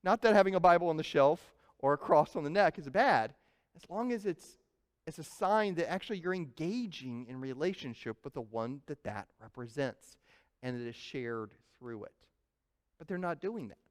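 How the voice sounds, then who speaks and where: A man preaching in a church, his voice high and smooth. He tells the story with animated energy and slips into the panicked voices of the crowds. The sanctuary carries a long reverb behind every word. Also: normal speed. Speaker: pastor. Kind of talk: sermon.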